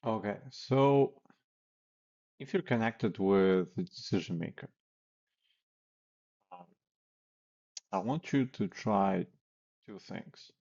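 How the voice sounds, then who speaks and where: Low-voiced man coaching cold calls. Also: slow pace, vocal fry, long pauses, warm tone, lo-fi sound. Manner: casual, demonstrates cold-call lines aloud. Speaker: sales trainer. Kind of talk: instructional talk with role-play examples.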